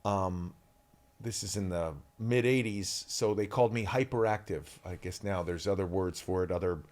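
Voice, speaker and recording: A man in his forties, an actor guest, telling candid stories in an interview with lively energy. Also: deep voice, moderate pace. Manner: energetic, animated, shouts out quoted lines.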